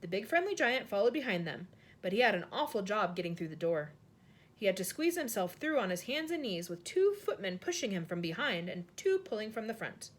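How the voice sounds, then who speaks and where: Lady reading a kids book out loud, super animated, kinda breathy. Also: medium pitch, fairly quick. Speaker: teacher reading aloud. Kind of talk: storybook read-aloud.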